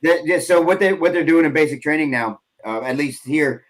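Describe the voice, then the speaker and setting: A man's voice: a little high, a little fast, low-quality recording. A man on a podcast, telling casual stories, often laughing as he rambles through them. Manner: laughing, rambling anecdotes with fillers. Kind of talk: casual storytelling chat.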